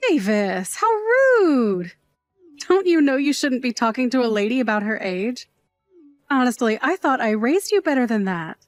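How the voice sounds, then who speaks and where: A woman's voice: fairly high pitch, very animated, moderate pace, dry recording, faint music behind. A woman playing a middle-aged aunt who raised her nephew, a sentimental night worker who is fond, dramatic and teasing. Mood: mock offended. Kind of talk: scripted dialogue drama.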